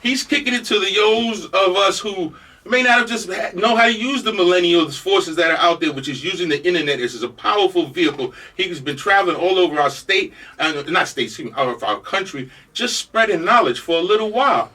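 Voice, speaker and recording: Fast, bright older radio host with a cold. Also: male voice, high voice, expressive, distant mic. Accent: New York Jamaican. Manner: loose, joking, rambling. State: has a cold. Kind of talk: talk radio introduction. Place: radio studio.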